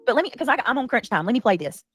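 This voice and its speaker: A woman's voice: on the high side, big pitch swings, rapid-fire, fairly bright tone, breathy edge, no room sound, soft background music. A woman hosting a commentary livestream, talking in an indignant, defensive and emphatic way. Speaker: livestream host.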